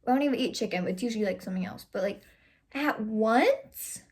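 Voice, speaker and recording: A young woman reading fan fiction aloud on a vlog, breaking off for sarcastic, animated asides and swearing. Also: medium pitch, rapid-fire. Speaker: fanfiction reader vlogger.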